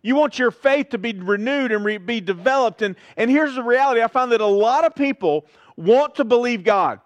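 A man's voice: extremely high pitch, lively intonation, moderate pace, dry recording, muffled recording. A man preaching a sermon as pastor in a church service, in a conversational way and asking his congregation questions.

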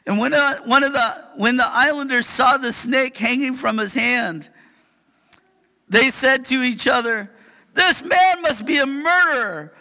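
Very high, bright-voiced male preacher in a reverberant hall. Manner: animated storytelling, acting out scenes with sudden shouts. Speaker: pastor. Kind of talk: sermon. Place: church sanctuary.

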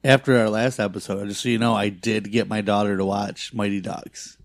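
Gravelly low-voiced guy, middle-aged, animated and sweary, dry close sound. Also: a little fast, no room sound. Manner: animated storytelling, swears freely. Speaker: podcast co-host. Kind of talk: casual chat.

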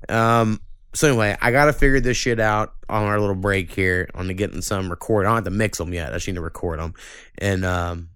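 A man's voice: low-pitched, brisk, clear, resonant tone, no room sound, clean studio sound. Profane, ranting male podcast host. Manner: profane, ranting, animated when annoyed. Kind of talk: casual podcast chat.

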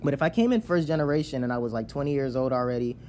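Nigerian-born guy explaining stuff casually, keeps saying right?, middle-pitched voice. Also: very fast, mellow, a little hiss or hum. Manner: conversational, often checks in with "right?" and restarts sentences. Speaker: speaker on immigrant identity.

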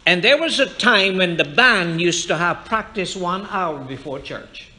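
A man delivers a fervent sermon from the pulpit of a church, speaking straight to his congregation and weaving in scripture. His voice sits high for a man, with a bright, forceful edge. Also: expressive, unhurried. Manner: fervent preaching, quoting scripture and addressing the congregation directly. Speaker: pastor. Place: church sanctuary.

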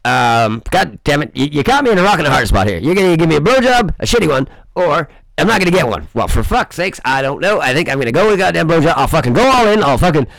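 A man's voice: a little high, very animated, quick pace, creaky, hardly any pauses, a bit bright, dry recording, poor audio. A man hosting his own show, delivering a rambling, swear-filled comedic monologue in a boisterous way. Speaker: host of a crude comedy show.

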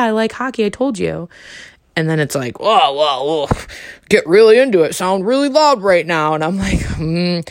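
A young woman from Canada hosting a podcast, retelling a bad date in a casual, animated and indignant way. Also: no room sound, clean studio sound. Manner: animated, indignant retelling with rising pitch and laughs. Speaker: podcast host. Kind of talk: casual storytelling monologue.

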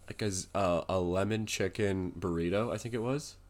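A man with a lowish voice tells a story in a casual chat. He is animated and joking, drawing the listener along as he builds up to the punchline. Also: normal speed. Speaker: podcast co-host.

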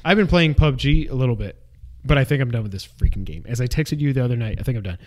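A young man co-hosting a casual gaming podcast, an animated storyteller who acts out his own yelling. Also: mid-range voice, quick pace. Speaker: podcast co-host.

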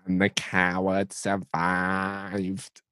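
A man voicing a cold, menacing alien war machine in a very slow, drawn-out, croaky voice. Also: low-pitched, completely flat delivery, sharp tone, dry recording, clean studio sound, heavily acted.

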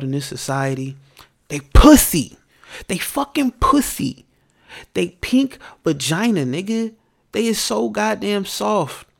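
Gravelly man ranting on his podcast. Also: a little high. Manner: profane, emphatic ranting. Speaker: podcast host. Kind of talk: casual storytelling monologue.

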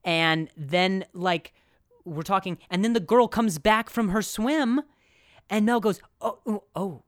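A man hosting a podcast, telling a comic story in an animated, self-deprecating way, laughing often and jumping into high put-on voices for quotes. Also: slow pace, clean tone, no room sound, studio quality. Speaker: podcast host. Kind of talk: comedic storytelling.

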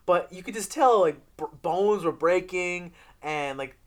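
A podcast co-host chatting casually about a TV series. The talk rambles, full of swearing and lively acted-out retellings. The voice sits at a middle pitch. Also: measured pace. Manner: profane, rambling, with animated retellings. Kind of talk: casual chat reviewing a TV series.

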